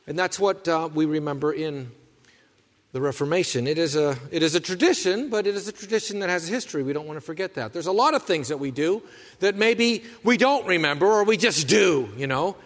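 Guy pastor giving a sermon, bit high voice, folksy asides, echo from the big church hall. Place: church sanctuary. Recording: long hall reverb.

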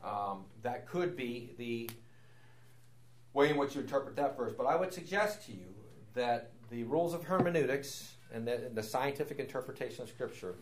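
A man teaching a Bible lesson, lively and explanatory, asking rhetorical questions and answering them himself, rising in pitch and volume when he quotes Scripture. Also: moderate pace, a little hiss or hum. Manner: animated, rises sharply when quoting Scripture. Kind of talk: classroom Bible lecture.

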